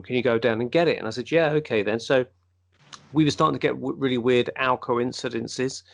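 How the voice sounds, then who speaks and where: A man with a gravelly edge to his voice tells a long personal story on a casual podcast. His pitch sits in an ordinary middle range, and he livens it up by acting out what each person said. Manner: animated storyteller, acts out quoted speech. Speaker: podcast co-host.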